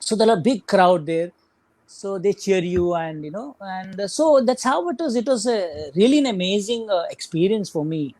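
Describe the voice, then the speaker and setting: A man's voice: high voice, animated, normal speed, darkish tone, no echo. Rambling Indian man telling a running story. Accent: Indian English. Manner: rambling, full of "you know" and "like" fillers. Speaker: guest ultramarathon runner. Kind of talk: casual storytelling interview.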